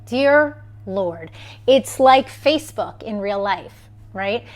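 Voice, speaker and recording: Slowly, with lively intonation in a mid-range voice, a woman vlogger in her thirties recounts a story on a phone live stream. She delivers it emphatically and performs the voices of those she quotes.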